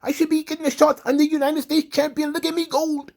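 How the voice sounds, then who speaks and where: A man putting on a vain, whining Irish wrestler with a put-on Irish accent, complaining loudly. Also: very high-pitched, flat delivery, fast, creaky, pitched above the performer's own voice. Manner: loud, self-pitying complaints.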